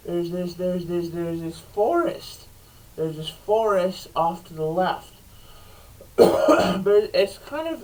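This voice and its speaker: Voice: mid-range voice, a little mellow, recorded from a distance, low-quality recording. A storyteller improvising a comic tale, rambling and restarting sentences often. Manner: rambling, restarts, frequent laughter.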